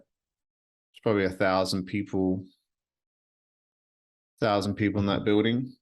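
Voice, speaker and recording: Man, low voice, solo podcast host, earnest, rambling, repeats himself. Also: little pitch movement, measured pace, pauses often. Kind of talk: solo reflective podcast monologue. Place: his apartment at night.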